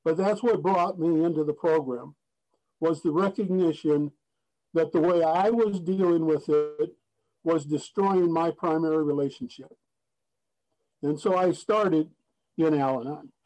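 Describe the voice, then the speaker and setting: Over a rough recording, a man with a slightly high, dark-toned voice shares his story at a recovery meeting. His testimony is earnest and plain, with frequent restarts and one folksy joke.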